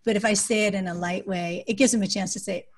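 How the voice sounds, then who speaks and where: A woman being interviewed on a podcast, explaining parenting ideas through practical examples. When she quotes phrases she would say to a child, her voice drops to a soft, calm tone. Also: medium pitch, fast. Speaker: guest, adoptive parent and author.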